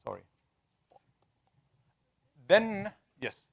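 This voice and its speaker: Man, teacher, fairly high voice, drawn-out repeated sounds, questions the class. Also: very animated, creaky, a little hiss or hum. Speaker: tajweed teacher. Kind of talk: interactive classroom lesson.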